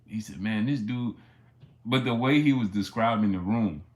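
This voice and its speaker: A man's voice: fairly low pitch, moderate pace, a little mellow. A man hosting a sports livestream, telling a story in a rambling way with many fillers and restarts, and greeting chat viewers by name along the way. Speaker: sports channel host.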